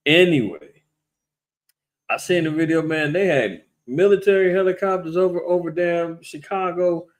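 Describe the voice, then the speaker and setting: A man's voice: fairly high pitch, normal speed. A man giving a casual, blunt and profane commentary on current events.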